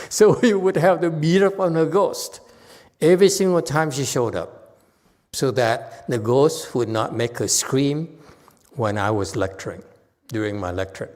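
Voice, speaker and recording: A man teaching Buddhism to a gathering, his voice ringing with a long hall reverb. He talks in an animated way, chuckling and circling back to repeat his points. His pitch sits in an ordinary middle range. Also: unhurried, long pauses. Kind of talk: Dharma talk and Q&A.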